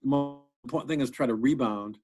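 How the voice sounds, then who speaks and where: A male stand-up comedian telling stories and jokes in a chatty, animated way during an interview. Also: mid-range voice, fast, music in the background. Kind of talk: casual interview storytelling.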